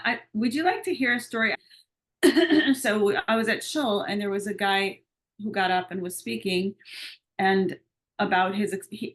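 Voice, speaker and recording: A woman's voice: fairly low pitch, gravelly. Woman coach telling a story. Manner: lively storyteller who acts out quoted dialogue. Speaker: coach and retreat leader. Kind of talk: casual conversational storytelling.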